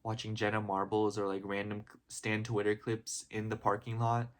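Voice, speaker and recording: A young man with a somewhat low voice vlogs in a loose, heartfelt way. He rambles, filling almost every phrase with "like" and "you know," and talks openly and gushingly about his feelings. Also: monotone, normal speed. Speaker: vlogger. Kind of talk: casual heartfelt vlog chat.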